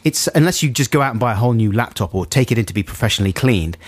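Radio host, man, jokey and rambling, lively pitch, dry studio sound. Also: very fast, dry recording. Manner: jokey, rambling, self-mocking. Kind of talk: casual studio banter.

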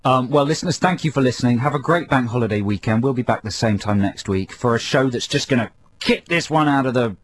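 A man's voice: mid-range voice, fast talker. A man co-hosting a radio show, bantering in a dry, teasing way.

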